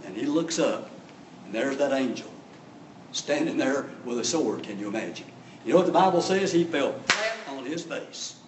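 A man's voice: medium pitch, lively intonation, moderate pace, noisy background. A man preaching a sermon, telling the story with drama and acting out voices. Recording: echoey room from a distance.

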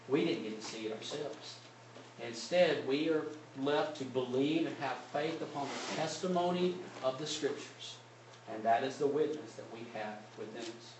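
Emphatic preacher man in an echoey hall. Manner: emphatic, rises loud on key points then drops low. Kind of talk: sermon. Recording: echoey room, distant mic, faint hiss.

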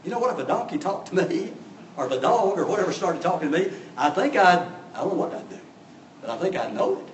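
A man's voice: high-pitched, big pitch swings, fast, a little hiss or hum. A man preaching a sermon, telling the story with drama and acting out voices. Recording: echoey room from a distance.

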